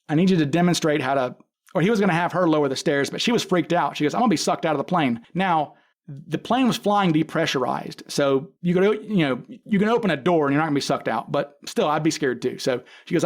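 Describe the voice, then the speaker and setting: Man, podcast guest, slightly high voice, storytelling, acts out quotes, restarts sentences. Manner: vivid retelling that acts out quoted dialogue; frequent restarts and self-corrections. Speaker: podcast guest, case expert. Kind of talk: casual storytelling.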